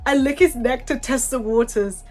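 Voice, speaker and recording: A woman's voice: sits high, moderate pace, faint music behind. A woman hosting her channel, reading fanfiction aloud casually and often breaking into laughter. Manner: giggly, keeps breaking into laughter.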